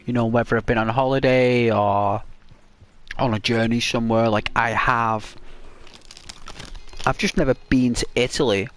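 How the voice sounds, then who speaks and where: An English man with a soft tone chats and rambles while he plays. His voice sits at an ordinary middle pitch. The delivery is casual gameplay commentary with a gentle, semi-ASMR feel. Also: fairly even intonation, normal speed, pauses often. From England. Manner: soft-toned, rambling and chatty. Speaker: gaming channel host.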